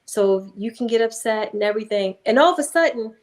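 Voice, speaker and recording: Emphatic woman, slightly high voice. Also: a little fast. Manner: calm, emphatic, acts out voices in anecdotes. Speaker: guest hypnotherapist. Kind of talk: conversational interview storytelling.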